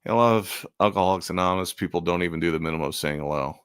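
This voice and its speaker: A man's voice: deep voice, very fast, a bit bright, clear, resonant tone, no room sound, studio quality. A man in casual chat about selling art at conventions, rambling and making self-deprecating jokes. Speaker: convention artist and channel host.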